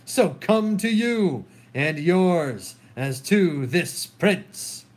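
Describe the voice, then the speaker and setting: Grieving raging queen read by a guy, verse, slow and kinda high. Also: expressive, heavily acted. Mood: bitter. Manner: declaiming verse, anguished. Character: grieving furious queen, a woman. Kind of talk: solo dramatic reading of a play.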